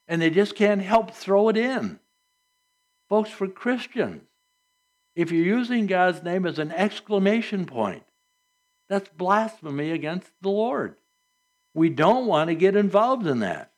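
A man's voice: high voice, expressive, unhurried. A man preaching a sermon, earnest and emphatic, quoting scripture to his congregation.

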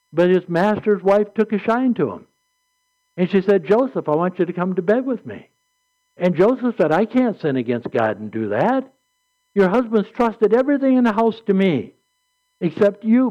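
A man's voice: sits high, dark tone. A man preaching a sermon, retelling scripture stories in an earnest, plainspoken way and reading verses aloud. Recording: muffled lo-fi recording.

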